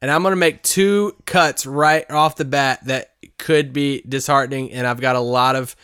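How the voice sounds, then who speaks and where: A man co-hosting a sports podcast, talking in an animated, jokey way. His voice is bright and forceful, with a smooth, crisp clarity. The sound is dry and close, with no room echo. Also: medium pitch, moderate pace. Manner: animated, jokey, teasing banter. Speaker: podcast co-host. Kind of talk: casual sports podcast chat.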